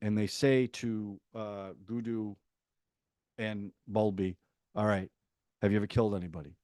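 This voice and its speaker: A man hosting a podcast, casually reviewing a TV series and retelling scenes in a chatty, animated way with quick asides. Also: fairly low pitch, no echo, studio quality.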